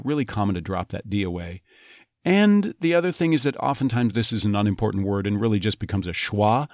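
A man teaching pronunciation, breaking words into their sounds and saying them slowly as examples. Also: fairly low pitch, darkish tone, dry recording, clean studio sound. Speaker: accent coach. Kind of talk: phonetics lesson.

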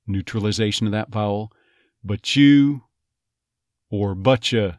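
A man coaching an accent, explaining vowel and consonant changes in a slow, deliberate way. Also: lowish voice, no echo, clean studio sound. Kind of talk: dialect lesson.

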